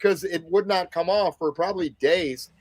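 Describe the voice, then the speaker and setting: A man's voice: sits high, moderate pace, no room sound. A man on a podcast telling a long rambling story, swearing freely in casual chat. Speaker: podcast co-host.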